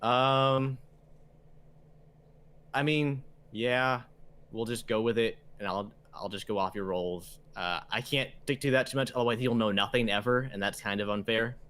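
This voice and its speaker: A man's voice: mid-range voice, steady tone, moderate pace, a bit bright, clear, resonant tone. A man narrating as game master of a tabletop game, rambling and hesitant, with many fillers.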